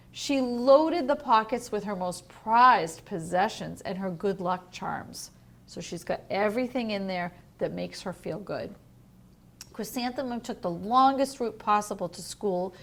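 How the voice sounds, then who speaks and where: In a home learning video, a woman teacher with a mid-range voice gently reads a picture book aloud to young children and asks the listener questions. It sounds like a home video recording.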